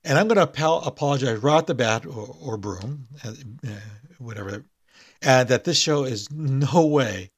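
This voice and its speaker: A man hosting a podcast, chatting hesitantly before reading a spooky short story aloud. His voice is husky and mid-pitched. The sound is dry and close. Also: lively intonation, moderate pace, no room sound. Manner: hesitant, full of fillers and restarts in chat.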